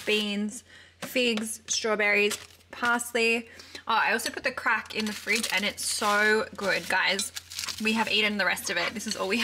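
A young Australian woman chatting casually and upbeat to the camera in a vlog. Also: fairly high pitch. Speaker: vlogger. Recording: clear background noise.

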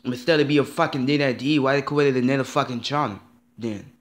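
A man's voice: mid-range voice, fast. A man ranting in a vlog, upset and rambling, repeating himself and swearing often. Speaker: vlogger.

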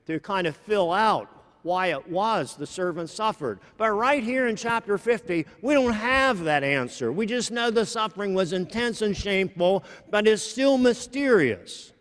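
A man preaching a sermon slowly and deliberately, often restarting his phrases. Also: sits high, expressive, a bit bright. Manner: slow, deliberate, with many restarts. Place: large church. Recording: long church reverb.

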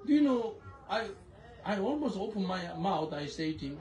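An animated male pastor delivers a sermon with testimony in an echoey church hall while the congregation responds. His high-pitched voice moves at a moderate pace, and the lo-fi recording carries slight background noise. He tells stories with non-native phrasing and laughs frequently.

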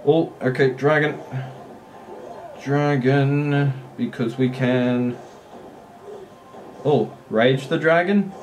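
A man giving casual, excitable commentary while playing a mobile strategy game, often swearing and laughing at his own play. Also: mid-range voice, drawn-out words, pauses often, a little hiss or hum.

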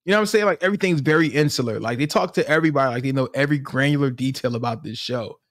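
A man co-hosting a casual sports podcast, ranting in an animated, exasperated way. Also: mid-range voice, racing, dry recording, clean studio sound. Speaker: podcast co-host.

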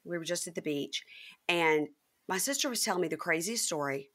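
Woman from Mississippi, podcast host, bright voice, animated storyteller, casual chat. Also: a little fast. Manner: animated storyteller, jumps high when acting out quotes.

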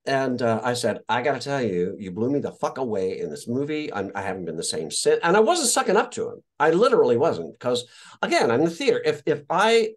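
A man from Indiana tells stories as an interview guest, his voice swinging widely up and down as he gets carried away. He drops swear words freely and acts out the people he quotes. The pitch sits in the middle for a man. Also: sing-song, a little fast. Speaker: actor guest. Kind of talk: casual interview storytelling.

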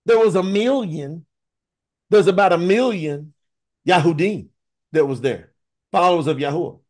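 Male preacher, higher voice, animated and emphatic, talks straight to his viewers. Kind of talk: online scripture teaching.

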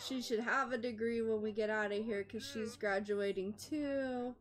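A woman's voice: a little high, steady tone, normal speed, faint music behind. A woman casually commentating a life-simulation game, chatty and reading out in-game actions as she plays. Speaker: gameplay host. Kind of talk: casual let's-play commentary.

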